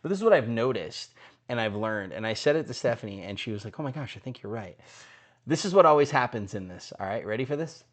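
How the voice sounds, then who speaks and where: In a studio, a male podcast co-host tells stories in casual conversation, acting out quotes and laughing often. His voice is mid-range and he speaks fast.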